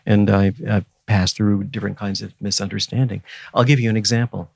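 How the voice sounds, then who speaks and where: A man's voice: fairly low pitch, fairly even intonation, brisk, gravelly, dry recording, studio quality. A man in his seventies, a guest scholar in an interview, talking in an earnest, teacherly and emphatic way. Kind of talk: reflective interview conversation.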